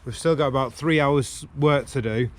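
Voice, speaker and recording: A man's voice: medium pitch, moderate pace. A man, chatting bluntly and swearing to a handheld camera outdoors while working on a car. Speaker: car vlogger. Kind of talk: casual swearing chat to camera. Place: outdoors beside a car at a roadside. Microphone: handheld camera on gimbal.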